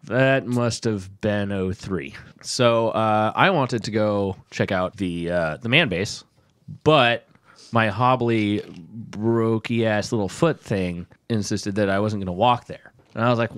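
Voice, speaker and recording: A man's voice: lowish voice, normal speed, fairly bright tone, no room sound. A man telling a rambling story on a podcast, laughing often and swearing as he talks. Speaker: guest storyteller.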